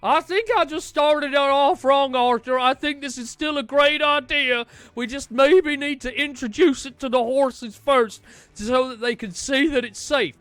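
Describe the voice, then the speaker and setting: A man's voice: very high-pitched, steady tone, a little slow, a bit bright, dry recording. A man voicing a pompous, reckless male gang leader who talks in a bossy, smug, dismissive way.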